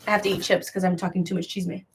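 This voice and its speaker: A woman's voice: on the low side, level tone, rapid-fire, creaky, slight background noise. A young woman hosting a crochet live sale, chatting casually in a rambling, gossipy way full of filler words. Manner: rambling, filler-heavy, with many likes; gossipy and frank. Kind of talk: casual live-stream chat.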